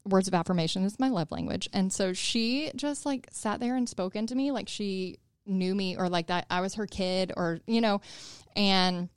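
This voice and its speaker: A woman guest on a business interview show tells a personal story in a chatty, rambling way. Her voice is smooth and resonant. The recording is dry and close. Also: medium pitch, moderate pace, few pauses, no room sound. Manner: chatty, many fillers and "like"s.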